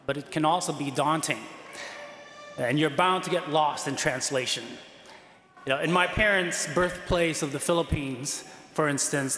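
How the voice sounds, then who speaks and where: A man's voice: high voice, fairly bright tone. A man who is a priest, giving a conversational sermon with frequent fillers and light laughs. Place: large church. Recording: echoey church from a distance.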